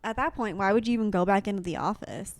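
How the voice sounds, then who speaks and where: Woman co-host asking quick questions. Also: medium pitch, dry recording, studio quality. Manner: chatty, asks quick questions. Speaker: podcast co-host. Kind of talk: casual late-night chat.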